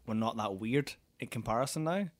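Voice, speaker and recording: A man's voice: mid-range voice, animated, a little fast. A young Scottish man, a guest on a podcast, chatting casually with an easygoing, wry manner. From Scotland. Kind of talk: casual banter.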